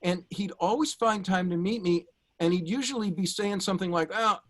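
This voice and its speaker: A man's voice: high voice, fairly quick. Middle-aged man giving a heartfelt tribute. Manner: warm anecdotal delivery with frequent uh fillers. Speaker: guest speaker giving a tribute. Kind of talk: prepared tribute speech.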